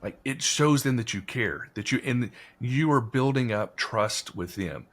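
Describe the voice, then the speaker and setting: A man's voice: mid-range voice, expressive, unhurried. A man telling a story in a casual podcast conversation, rambling, with many fillers.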